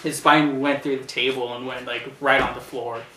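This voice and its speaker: A man's voice: mid-range voice, flat delivery, normal speed. Rambling man in a roomy room. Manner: rambling and hesitant, full of fillers and restarts; bursts into loud shouted impressions while retelling action. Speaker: show host reviewing a wrestling event. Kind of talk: casual spoken review. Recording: roomy, distant from the mic, faint noise.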